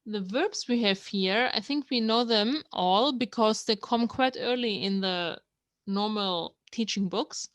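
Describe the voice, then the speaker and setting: Slow-spoken woman. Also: a little high, fairly bright tone, no echo. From Germany. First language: German. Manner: patient, explains words one by one, reads lines aloud. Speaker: language learner teaching viewers. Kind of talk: explanatory language lesson.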